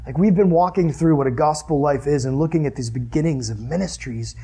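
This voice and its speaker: A man's voice: fairly high pitch, a little fast, mellow, slightly rough. A young man preaching a sermon in an earnest, conversational way, asking the listeners questions.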